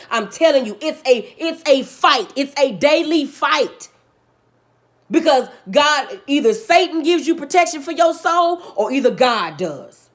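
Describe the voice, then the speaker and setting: In an unhurried but animated vlog rant, a woman curses freely and preaches with real passion. She drives her points home through repetition, alternating between loud eruptions and hushed, low stretches.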